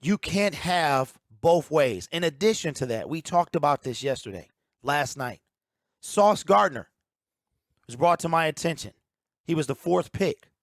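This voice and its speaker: A man's voice: on the high side, expressive, a little slow, no room sound. A man giving opinionated sports talk as a commentator, emphatic and ranting, repeating his key points on a close mic.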